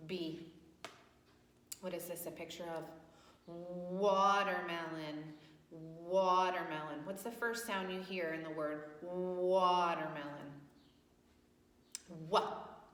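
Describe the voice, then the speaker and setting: A woman's voice: on the low side, slow, pauses often. A woman teaching young children letter sounds at circle time, asking patient questions and praising answers. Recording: echoey room with long reverb.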